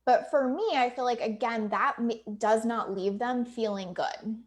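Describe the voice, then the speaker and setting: A business coach talks casually to viewers on a live video, her voice on the high side and her pace a little slow. She's emphatic and chatty, uses plenty of fillers, occasionally swears, and acts out what her clients say.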